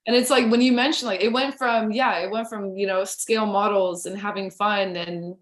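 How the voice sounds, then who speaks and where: A woman guest on a podcast telling stories excitedly in casual chat, with a lot of "like" in her speech. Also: mid-range voice, normal speed, echoey room. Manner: excited storytelling, heavy use of "like".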